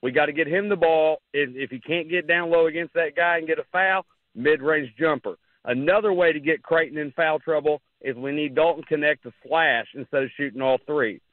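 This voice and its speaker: A man calling into a radio show, out of breath and rambling excitedly about a game. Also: on the high side, brisk, few pauses, no room sound. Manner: rambling, excited fan talk. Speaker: caller. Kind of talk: casual call-in chat. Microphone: phone. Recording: tinny phone line.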